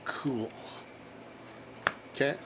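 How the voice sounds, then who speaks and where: A man's voice: drawn-out words, fairly bright tone, a little hiss or hum. A man chatting casually in a vlog as he shows off a comic book haul, enthusiastic and laughing at his own jokes. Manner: enthusiastic, exclaims over covers.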